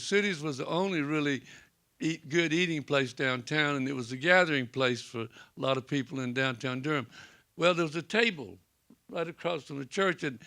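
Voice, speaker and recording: A man's voice: on the high side, a bit bright. An older man with a Southern accent, a Presbyterian pastor telling stories on a panel and acting out the dialogue. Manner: folksy anecdotal storytelling, acts out quoted dialogue. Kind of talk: storytelling on a library panel. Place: library event room.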